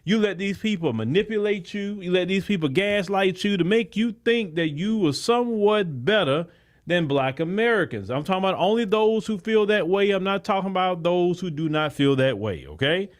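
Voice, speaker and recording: Measured man lecturing on a livestream. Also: high-pitched, lively intonation. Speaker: podcast host. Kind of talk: livestream commentary.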